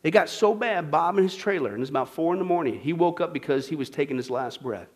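Dramatic preacher swinging from shouts to whispers. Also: male voice, a little high, animated, fast. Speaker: pastor. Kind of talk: sermon.

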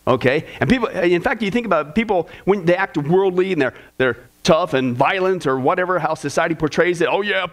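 A man teaching a discipleship class in a casual, folksy way, with sarcastic humor and chuckling asides. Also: on the high side.

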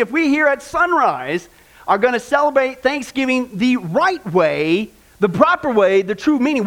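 A male pastor preaching in a very high, animated voice that leaps up and down. He talks casually to the congregation, tossing them questions and waiting for answers. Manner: lively, quizzes the congregation. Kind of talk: sermon.

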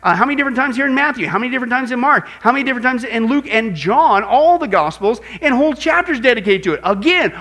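A man teaching a sermon-style apologetics lesson as pastor, emphatic and animated, often asking his listeners questions. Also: very high-pitched, fast, few pauses. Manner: emphatic, animated, asks audience rhetorical questions.

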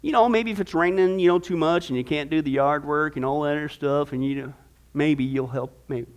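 A man's voice: fairly high pitch, a little fast. A man teaching a church discipleship class on stewardship, reading scripture and teasing the class with jokes and mock voices. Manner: jokey, teasing asides, mock voices for the proud.

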